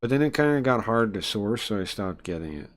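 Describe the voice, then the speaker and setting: A man's voice: on the low side, animated, fairly quick. A man streaming a visual novel, reading its text aloud and chatting casually between passages, with frequent filler ums. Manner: rambling, many filler ums, reads game text and chats between. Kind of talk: casual live-stream chat and read-aloud.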